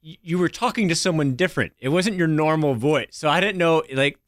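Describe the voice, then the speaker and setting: A man's voice: fairly high pitch, a little fast, no echo, studio quality. A man co-hosting a radio show, telling stories in casual banter and mimicking news anchor voices. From northern US. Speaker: radio co-host.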